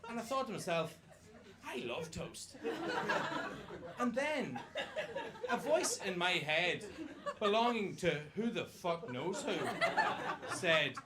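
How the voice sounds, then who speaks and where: High-voiced Irish comic, noisy club. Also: male voice, a little slow. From Ireland. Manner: swearing, self-mocking, excitable punchlines. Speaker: stand-up comedian. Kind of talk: stand-up comedy set. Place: comedy club stage with audience laughter.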